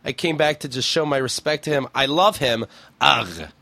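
A man with a fairly high voice hosts a casual podcast, reading forum posts aloud with a wry, blunt edge and swearing freely. The sound is dry and close, with no room echo. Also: brisk, pushed and bright. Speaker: podcast host.

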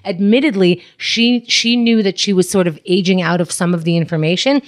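A woman's voice: on the low side, steady tone, brisk. A woman hosting a casual podcast chat, reacting with gasps and laughter.

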